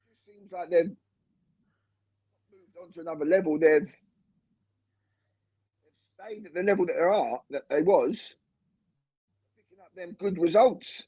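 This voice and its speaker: A man co-hosting a casual football podcast over a video call, talking in a relaxed, rambling way. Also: high-pitched, unhurried, long pauses, breathy edge, no echo. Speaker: podcast co-host. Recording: dull, dry lo-fi call audio.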